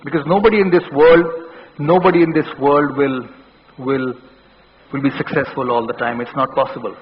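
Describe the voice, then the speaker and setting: A man's voice: fairly even intonation, normal speed. A man in his forties with an Indian English accent, telling stories in a motivational speech on stage, earnest and given to restarts and repeated words. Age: 40s. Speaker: keynote speaker. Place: large hall. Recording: dull, boomy hall recording.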